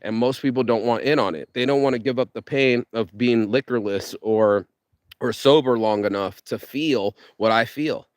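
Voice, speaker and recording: A man giving a fired-up motivational rant, cursing freely and tripping over his words as he pushes ahead. His voice sits at an ordinary middle pitch. The sound is dry and close, with no room around it. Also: normal speed, no echo. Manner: profane, fired-up, rambling with restarts. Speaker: vlogger. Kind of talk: motivational monologue.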